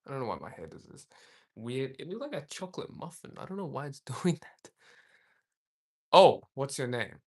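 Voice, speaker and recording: A man's voice: mid-range voice, big pitch swings, moderate pace, a little mellow. Young man chatting on a livestream. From Australia. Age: young adult. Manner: rambling, reads viewer comments aloud, laughs often. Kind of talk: casual live-stream chat.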